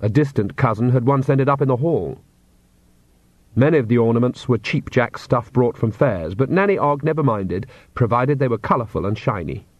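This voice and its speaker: A man narrates a comic fantasy book aloud, measured and wry. The read is close and dry, with a slightly dull, muffled tone. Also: mid-range voice, expressive, dry recording. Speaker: audiobook narrator. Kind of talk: scripted narration.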